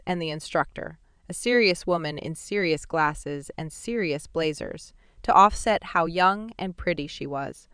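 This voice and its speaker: Woman audiobook narrator, wry first-person read, low-set and smooth. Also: fairly bright tone, dry recording, studio quality. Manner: playful, wry.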